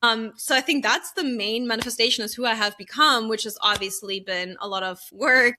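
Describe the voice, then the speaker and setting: A woman in her thirties from Germany with a bright, forceful voice that sits a little high. She talks candidly and earnestly as a podcast guest, full of fillers and quick laughs. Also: slight background noise. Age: 30s. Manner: earnest and open, many fillers, laughs easily. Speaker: podcast guest, business coach.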